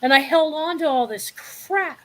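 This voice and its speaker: A woman's voice: high voice, expressive, measured pace. A woman in her sixties speaking bluntly and passionately in a candid live discussion. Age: 60s. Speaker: panel guest.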